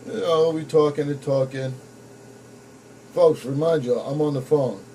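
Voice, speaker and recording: A man's voice: fairly high pitch, fairly even intonation, unhurried, dark tone, rough recording. A young man talks straight to his viewers in a casual vlog and calls them folks. His speech is blunt and full of swearing as he tells his own story. A faint background hum runs under his voice. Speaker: vlogger. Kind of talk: personal storytelling to camera.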